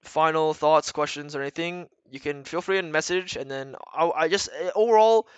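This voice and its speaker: A man's voice: a little high, normal speed, smooth, no echo, dull audio. A man giving blunt, profane, rambling coaching talk to viewers in a casual livestream chat. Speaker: retired pro gamer coaching viewers.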